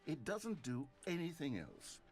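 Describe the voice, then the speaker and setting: An actor playing a male game narrator with measured, dryly sarcastic storytelling over game music. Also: on the high side, wildly swooping pitch, heavily acted. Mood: wry. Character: wry male narrator, dry and fretful. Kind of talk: scripted narration.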